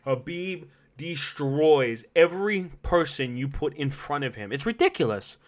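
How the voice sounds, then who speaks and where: A man hosts a solo podcast at a measured pace, animated, swearing and laughing a lot, swinging between loud outbursts and low asides.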